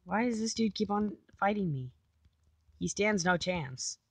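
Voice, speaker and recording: A woman's voice: fairly low pitch, a little fast, vocal fry, husky, no echo. A woman casually commenting on her own gameplay, chatty, talking to herself and repeating silly phrases. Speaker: gamer.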